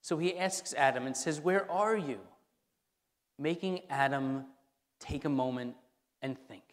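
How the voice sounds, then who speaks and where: A pastor preaches a sermon in a church sanctuary, speaking conversationally and repeating key phrases for emphasis. His voice is medium-pitched at a normal speed. A long hall reverb fills the recording.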